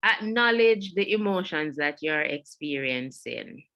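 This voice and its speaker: A woman's voice: deep voice, lively intonation, unhurried, creaky, fairly bright tone. A woman with a Jamaican accent giving a mental health webinar talk, earnest and repeating her key points. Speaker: webinar presenter. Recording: online webinar audio.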